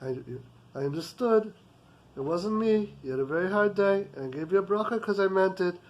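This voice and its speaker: A man voicing a patient, forgiving older rabbi who speaks softly and calmly. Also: high voice, normal speed, natural voice. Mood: reassuring. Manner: soft, calm, forgiving.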